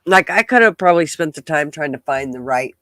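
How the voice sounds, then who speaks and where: A congested man with a nasal, stuffed-up voice hosts a rambling livestream chat as a podcaster, swearing casually along the way. His voice is a little high, expressive, brisk, pushed and bright, and the recording is dry.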